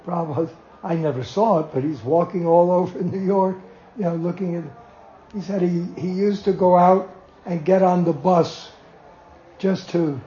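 An older man slowly telling a personal anecdote to a small group, acting out quotes and laughing as he goes. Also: high-pitched, reverberant, muffled recording, a little hiss or hum. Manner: slow, animated storyteller who acts out quotes and chuckles. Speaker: devotee telling memories.

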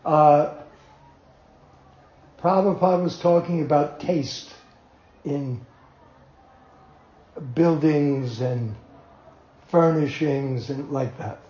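An older man slowly telling a personal anecdote to a small group, acting out quotes and laughing as he goes. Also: on the high side, reverberant, lo-fi sound. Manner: slow, animated storyteller who acts out quotes and chuckles. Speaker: devotee telling memories.

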